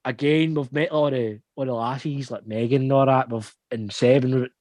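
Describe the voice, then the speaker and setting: A man's voice: medium pitch, steady tone, a little fast, darkish tone, dry recording. A young man with a Scottish accent, telling a long laughing anecdote in casual chat, swearing freely. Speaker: podcast host.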